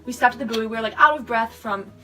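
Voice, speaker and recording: Packed with "like" fillers, this teenage girl's storytime vlog rambles along at a fast clip in a pushed, bright, fairly high voice. It's captured on a distant camera mic, the audio sped up with music playing underneath.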